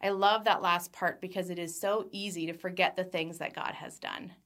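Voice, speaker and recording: A woman in her thirties, a Christian speaker giving an earnest devotional talk with scripture reading, laughing lightly between thoughts and slowing down on key phrases. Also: lowish voice, steady tone, a bit bright.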